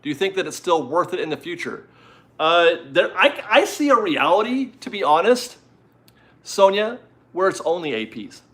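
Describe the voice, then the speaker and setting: A man's voice: high-pitched, sing-song, moderate pace, fairly bright tone. A man hosting a casual live stream from home, chatty and rambling as he reads out viewer messages and is easily amused.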